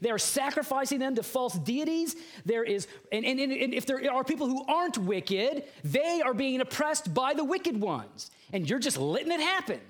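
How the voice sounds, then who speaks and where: A man's voice: extremely high pitch, big pitch swings, normal speed, hardly any pauses, pitched above the performer's own voice. A man preaching a sermon, voicing an ancient male prophet who protests urgently to God with rising, accusing questions. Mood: exasperated.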